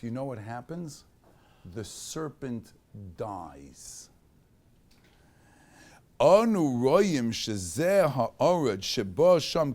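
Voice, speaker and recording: A man teaching a Torah class in a synagogue study hall. He reads Hebrew text aloud, then explains it in English with rhetorical questions. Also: mid-range voice. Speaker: rabbi teaching a weekly class. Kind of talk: Torah lecture.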